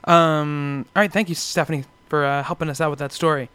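A man's voice: fairly high pitch, fairly even intonation, brisk, fairly bright tone, clear, resonant tone, dry recording. A man hosting a comics podcast, reading out news items and laughing often in casual chat. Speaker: podcast host.

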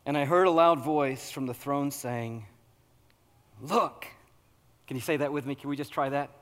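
A man preaching a sermon, animated and humorous, working up to loud, excited preaching. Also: medium pitch, moderate pace, long reverb tail. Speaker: pastor.

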